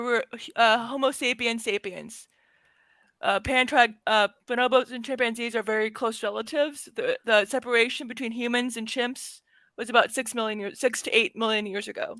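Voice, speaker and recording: A woman co-hosting a casual podcast, calmly explaining science step by step. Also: on the high side, normal speed, dry recording. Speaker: co-host.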